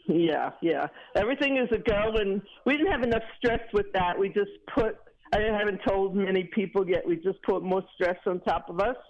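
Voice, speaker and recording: A woman's voice: medium pitch, moderate pace. A woman calling in to a radio show, chatting and retelling stories with laughter over a dull phone line. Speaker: caller. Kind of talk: casual phone chat.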